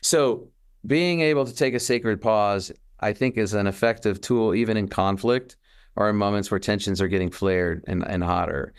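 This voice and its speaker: A man's voice: on the low side, moderate pace, clean tone. A man co-hosting a podcast, talking in a casual, reflective, earnest way, with frequent restarts. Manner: earnest, animated, with restarts and acted-out quotes. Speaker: podcast co-host.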